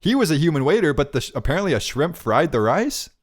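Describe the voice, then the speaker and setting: A man's voice: a little high, big pitch swings, fast talker, breathy edge. A man in his twenties co-hosting a podcast, chatting casually and riffing on jokes with frequent laughs. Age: 20s. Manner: joking, rambling bits with frequent laughs. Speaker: podcast co-host. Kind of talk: casual chat.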